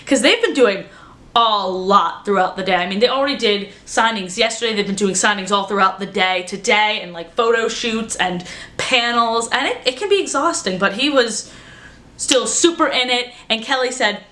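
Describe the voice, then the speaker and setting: A young woman vlogger chatting casually and excitedly, with lots of "like" as she recounts her day. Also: fairly high pitch, normal speed. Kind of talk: casual vlog recap. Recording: roomy echo.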